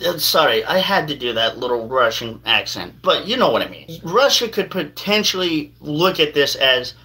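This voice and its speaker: Brief: male podcast host, casual news commentary, rambling and hedging, bright and a bit high-pitched. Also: lively intonation, normal speed, hardly any pauses, low-quality recording. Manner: rambling, hedges with "allegedly".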